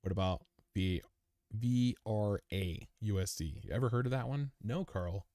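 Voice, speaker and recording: A man speaks at a moderate pace in a warm, lowish voice, recorded dry at studio quality. Exhausted after a long crypto live stream, he keeps chatting and answering viewer comments, laid-back and rambling, chummy enough to call everyone dude.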